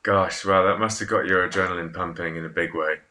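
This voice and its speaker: A man interviewing a guest, asking encouraging questions in a halting way and offering praise. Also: sits low, fairly even intonation, bright, forceful tone. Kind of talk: casual interview.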